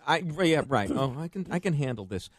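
A man's voice: fairly high pitch, very animated, moderate pace, no echo, clean studio sound. A man co-hosting a morning talk radio show, chatting in a jokey, self-deprecating way. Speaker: radio co-host. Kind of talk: casual talk radio banter.

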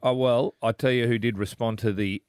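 A man's voice: mid-range voice, steady tone, brisk, a little mellow, clear, resonant tone, no room sound, studio quality. A man with an Australian accent co-hosting a radio show, making wry, teasing remarks. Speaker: radio co-host. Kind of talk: casual radio chat with callers.

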